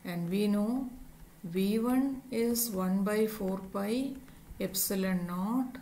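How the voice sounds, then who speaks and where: A woman with a warm, medium-pitched voice teaches physics in a slow lecture, working through a derivation step by step and spelling out every term and symbol. The recording is low quality.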